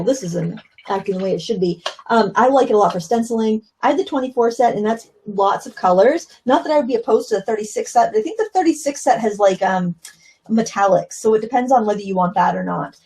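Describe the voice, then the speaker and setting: A middle-aged woman leads a live watercolor lesson, explaining casually as she paints. Her voice is mellow and a little gravelly, and she talks in a chatty way with plenty of fillers. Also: a little high, fast talker, rough recording. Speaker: watercolor instructor.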